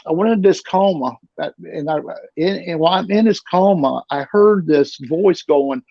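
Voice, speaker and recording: Middle-aged male guest, gravelly, slightly high voice, rambling and repetitive, dull lo-fi sound. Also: moderate pace, dry recording. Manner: rambling, repeats and restarts words. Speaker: interview guest. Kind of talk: casual storytelling. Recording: dull lo-fi recording.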